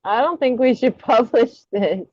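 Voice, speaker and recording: A woman's voice: a little high, measured pace, no echo. A woman hosting a casual live stream, giggling and self-deprecating as she chats. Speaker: livestream host. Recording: dull lo-fi stream audio.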